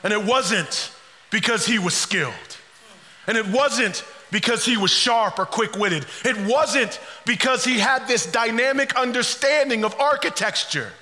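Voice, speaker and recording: A man preaching a sermon, swinging between soft, quiet passages and shouted climaxes. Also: extremely high pitch, measured pace, in a large hall. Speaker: pastor.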